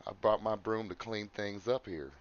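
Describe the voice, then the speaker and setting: A man's voice: lowish voice, moderate pace, dull audio. A man with a drawl hosting a comedy podcast, talking in a mock-earnest put-on persona. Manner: mock-earnest, breaks into laughter. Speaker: podcast host.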